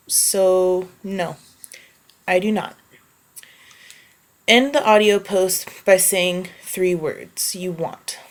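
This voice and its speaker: A woman making a casual voice post, answering questions wryly and reading a book passage slowly and evenly. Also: fairly low pitch. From United States. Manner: offhand and wry, reads prose slowly and evenly. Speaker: vlogger answering a question meme.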